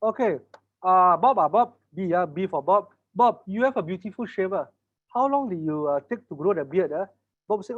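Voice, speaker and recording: Lively Malaysian English trainer, high voice. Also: male voice, moderate pace, lo-fi sound. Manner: lively, teasing, acts out sales dialogues. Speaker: business trainer. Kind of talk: online workshop lecture with role-play.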